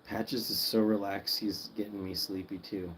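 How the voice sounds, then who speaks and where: A man hosting a pet channel's late-night livestream, sleepy, soft-spoken and cooing to his guinea pigs at home. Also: on the low side, fairly even intonation, normal speed, slight background noise, rough recording.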